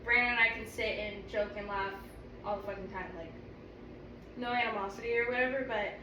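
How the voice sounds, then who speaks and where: A woman's voice: mid-range voice, steady tone, a little fast. A woman in her twenties chatting as a guest, laid-back and swearing freely. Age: 20s. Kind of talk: casual chat. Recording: echoey room from a distance, noisy.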